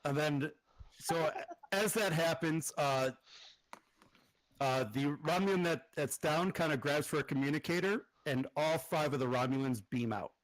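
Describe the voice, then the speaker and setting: A man acting as game master, narrating the scene and explaining rolls in a relaxed way with fillers. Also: on the high side, measured pace, no echo, low-quality recording. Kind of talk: narrating and running a tabletop game.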